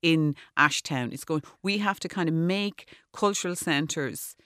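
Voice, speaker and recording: A man's voice: a little high, measured pace, bright, forceful tone, clear, resonant tone, dry recording, studio quality. An Irish man, an architect, talking through ideas in a rambling, discursive way full of restarts during a radio interview. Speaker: architect guest.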